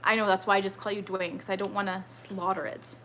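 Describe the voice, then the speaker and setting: Woman, thirties, bright tone, chatty, rambling, live-stream trivia host, home setting. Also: mid-range voice, little pitch movement, quick pace, slight background noise. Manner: chatty, rambling, reads viewer comments aloud. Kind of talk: casual live-stream chat. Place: home with children nearby.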